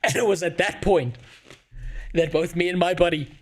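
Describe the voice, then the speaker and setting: A man's voice: high-pitched, moderate pace. A young man telling a crude comic story at home on a stream, swearing often and laughing as he goes. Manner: profane, laughing, animated.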